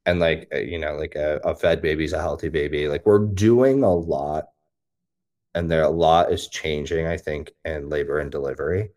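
Man, podcast co-host, very deep voice, casual explanatory chat, filler-heavy delivery. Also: normal speed, darkish tone. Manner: explanatory and conversational, full of "like" fillers.

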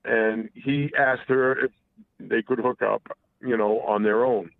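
The voice is a man's, medium in pitch, gravelly and unhurried, with fairly even intonation and no echo. He's calling a talk show by phone, and the line sounds tinny. His story is personal and candid, told in a rambling way with restarts and profanity.

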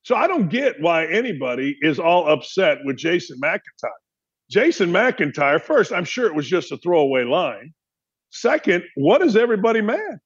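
A man's voice: high-pitched, very animated, moderate pace, breathy edge, muffled recording. A man hosting a sports talk show, delivering a heated, opinionated monologue full of rhetorical questions. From Gary, Indiana area.

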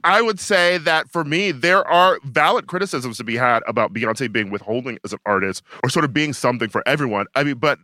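A man's voice: mid-range voice, animated, fairly quick, few pauses, sharp tone, no echo, clean studio sound. A man co-hosting a podcast in casual chat, opinionated and talking in long runs with many fillers and restarts. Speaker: podcast co-host.

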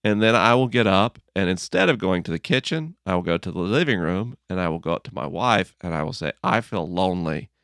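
Guy with a lowish voice telling a story, acts out the voices in his head, dry close mic. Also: lively intonation, brisk, creaky, hardly any pauses, no room sound. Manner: earnest, gently humorous, acts out inner dialogue. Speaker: author being interviewed. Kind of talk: reflective conversational storytelling.

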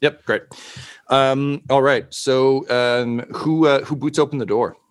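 A man's voice: mid-range voice, steady tone, measured pace. A man narrating as the game master of a tabletop game, rambling with many fillers.

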